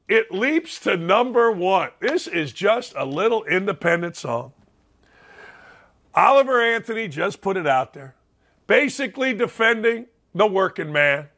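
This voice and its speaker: Middle-aged male talk host from Indiana, high bright voice, blunt opinionated monologue. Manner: blunt, fired up, repeats phrases for emphasis. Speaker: sports radio host.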